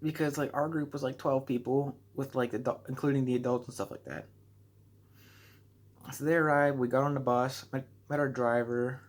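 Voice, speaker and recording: A teenage American boy chats to the camera about his trip. His voice sits at an ordinary middle pitch. He rambles through the story, piles on fillers and laughs at his own mistakes. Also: level tone, moderate pace. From United States. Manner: rambling, self-deprecating, heavy use of "like"; acts out his own reactions in a higher voice. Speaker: vlogger. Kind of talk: casual storytelling vlog.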